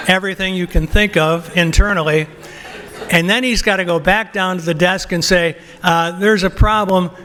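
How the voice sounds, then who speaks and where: A man's voice: on the high side, fairly bright tone. Older man telling a funny story at a podium. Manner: storytelling, acting out quotes with laughter. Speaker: award presenter. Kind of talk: anecdote at a banquet podium.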